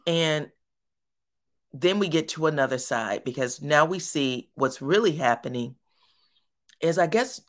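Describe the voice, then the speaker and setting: A woman's voice: low-pitched, animated, unhurried, long pauses. A woman giving a casual, colloquial recap of a reality show, talking straight to her viewers. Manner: chatty, colloquial, addresses viewers as y'all. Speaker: reality TV commentator.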